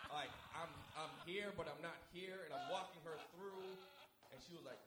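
A man speaking as a guest, telling a faith testimony in an animated way and acting out both sides of the conversations. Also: fairly high pitch, measured pace, background noise. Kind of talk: testimony storytelling. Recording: echoey room with a crowd.

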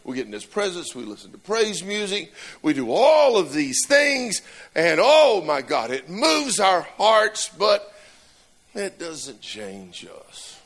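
Slow gravelly preacher guy in a church, cracking jokes mid-sermon. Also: sits high, very animated, a bit bright. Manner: storytelling, self-deprecating humor. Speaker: pastor.

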